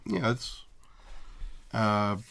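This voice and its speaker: A man guesting on a casual podcast, speaking haltingly with dry humor. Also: fairly low pitch, flat delivery, vocal fry, fairly bright tone, smooth. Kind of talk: casual chat. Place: record garage.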